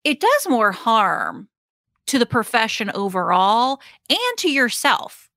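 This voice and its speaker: Slow, bright-voiced woman coach. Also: on the high side, wildly swooping pitch, dry recording, clean studio sound. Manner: hesitant, many fillers and restarts, laughs often. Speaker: HR consultant and professional coach. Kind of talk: casual podcast conversation.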